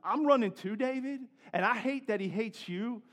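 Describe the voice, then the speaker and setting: A man's voice: high-pitched, animated, fairly quick. A man voicing an angry young warrior who wants to kill his enemy, ranting in a heated, emphatic way. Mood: fired up. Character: furious young male warrior itching to kill.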